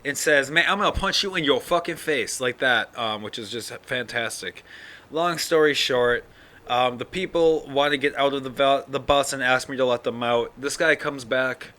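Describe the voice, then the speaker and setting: A man's voice: medium pitch, moderate pace, bright, forceful tone. A man hosting his own podcast, talking casually and sleepily in a rambling, profane monologue. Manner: rambling, yawning, profane, full of fillers. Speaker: podcast host.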